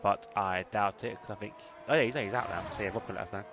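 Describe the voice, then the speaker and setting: A man's voice: fairly low pitch, steady tone, fast talker, over music. Man commentating in a put-on Irish accent. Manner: banter-heavy, sweary, teasing drivers. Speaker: league race commentator. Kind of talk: casual sim racing commentary.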